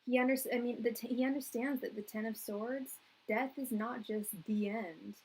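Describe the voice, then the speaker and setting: A woman's voice: fairly high pitch, moderate pace, darkish tone, a little hiss or hum, low-quality recording. A young woman giving a live-stream tarot reading, chatty and emotional, with frequent laughter. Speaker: tarot reader.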